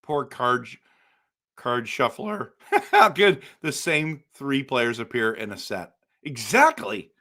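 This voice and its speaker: A man hosting a casual live stream for viewers, excitable and exasperated, breaking into loud outbursts. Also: medium pitch, slow pace. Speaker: livestream host.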